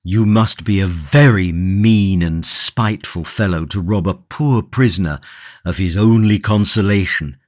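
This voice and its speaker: A man voicing an anxious male prisoner who pleads to save his tulip. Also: unhurried. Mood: defiant. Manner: pleading, higher and tense.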